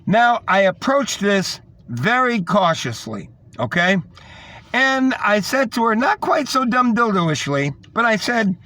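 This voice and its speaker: A man's voice: sits high, very animated, unhurried, sharp tone, no echo. A man delivering a rambling, scornful monologue, repeating himself as he tells a story. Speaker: podcast host. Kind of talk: ranting monologue.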